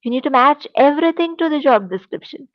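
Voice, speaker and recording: A woman teacher with an Indian English accent, giving a classroom lecture in a slow, deliberate, emphatic way. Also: sits high, lively intonation, dry recording, muffled recording.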